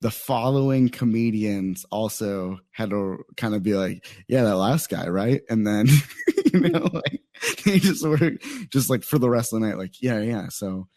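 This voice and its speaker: A man's voice: fairly low pitch, animated, measured pace, dark tone, dry recording, clean studio sound. A young adult man from Phoenix, a stand-up comedian telling a story in casual chat, rambling with many fillers. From Phoenix, Arizona. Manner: rambling, lots of "like" fillers and quoted asides.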